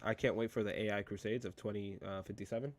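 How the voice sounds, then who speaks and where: A man's voice: on the low side, steady tone, quick pace. A young man co-hosting a podcast, chatting casually in a rambling, joking way and laughing often. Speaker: podcast co-host. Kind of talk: casual chat.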